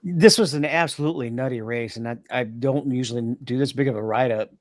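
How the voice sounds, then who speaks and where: A man's voice: mid-range voice, dry recording. Dry-sounding man recapping races. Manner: rambling race recap, quick asides. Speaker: podcast co-host. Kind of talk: casual chat.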